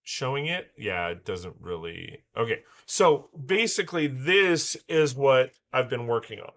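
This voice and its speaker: A man hosts a casual livestream, talking loosely and filling pauses with ums and uhs. His voice has a bright, forward edge, roughened slightly by a recent illness. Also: mid-range voice, sing-song. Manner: chatty, loose, full of fillers and restarts. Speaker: livestream host.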